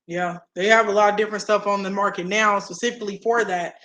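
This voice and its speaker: Co-host: playful, sassy woman, mid-pitched, bright and forceful. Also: fairly even intonation. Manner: sassy, playful, drawn-out emphasis. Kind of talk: casual chat.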